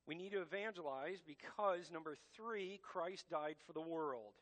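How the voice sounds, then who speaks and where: A man's voice: on the high side, a little slow, a bit bright. A man preaching a sermon as pastor, emphatic and direct, addressing his congregation as church.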